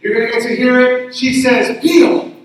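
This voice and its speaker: A pastor from Tucson preaching a sermon, telling a personal story in an earnest way and repeating phrases for emphasis. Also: male voice, very high voice, little pitch movement, moderate pace, a bit bright. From Tucson, Arizona. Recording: echoey hall, mic from far off.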